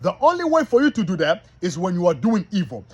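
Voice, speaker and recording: A man teaching from the Bible like a preacher, reading verses slowly and asking the listeners if they are following him. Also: high voice, wildly swooping pitch, darkish tone, slightly rough, highs cut off. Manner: reads verses slowly and repeats them. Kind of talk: street-style bible teaching.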